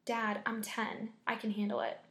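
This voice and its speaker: A skeptical ten-year-old boy, flat and unimpressed, brushes off a spooky tale, as a woman reads his lines. The voice sits a touch high and rings in a reverberant room. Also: normal speed. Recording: echoey room.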